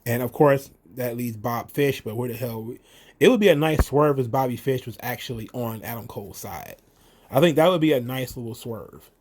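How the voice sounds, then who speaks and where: A man giving a casual, rambling recap of a wrestling show, animated and full of restarts. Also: medium pitch, moderate pace. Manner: rambling, many fillers and restarts, animated retelling.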